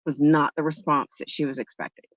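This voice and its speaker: A woman's voice: low-pitched, little pitch movement, fairly quick, no room sound. A woman hosting a live stream, chatting with viewers and telling a story in a casual, talkative way. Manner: chatty storytelling, answering chat. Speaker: livestream host. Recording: dull lo-fi, dry sound.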